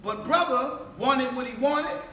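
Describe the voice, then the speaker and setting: High-voiced New man preaching in an echoey hall. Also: a little slow. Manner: rhetorical questions, calls for responses, builds to shouts. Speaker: mosque minister. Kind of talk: sermon. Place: mosque hall. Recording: echoey room, distant mic, faint background noise.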